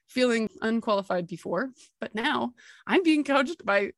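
A woman host telling a personal story in an excitable way, laughing often and acting out conversations. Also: a little high, moderate pace, dry recording, studio quality. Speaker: podcast host.

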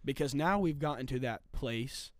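A man's voice: mid-range voice, normal speed, dry recording. A man co-hosting a casual faith podcast, telling a story emphatically with repetition and swings in intensity.

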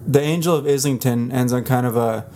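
A man's voice: medium pitch, fairly quick, dark tone, a little hiss or hum. Enthusiastic man chatting about an album. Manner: enthusiastic, sings lyrics aloud. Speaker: podcast co-host. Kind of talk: casual album review chat.

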